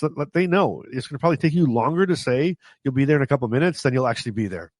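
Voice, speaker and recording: A man's voice: medium pitch, expressive, racing, a little mellow, no room sound. A man from Canada tells stories from his own life in a chatty, self-mocking way. He breaks into laughter often and trips over his words before starting again. His voice sits in a middle register and sounds close and dry, with no room around it. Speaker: vlogger. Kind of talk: casual storytelling to camera.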